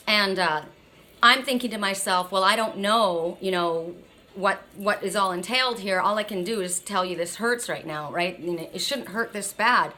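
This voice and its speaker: A middle-aged woman rants bluntly in a casual vlog, her voice bright and forceful. She talks with a numb mouth after dental surgery and swears freely. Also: medium pitch, moderate pace. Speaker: oracle card reader.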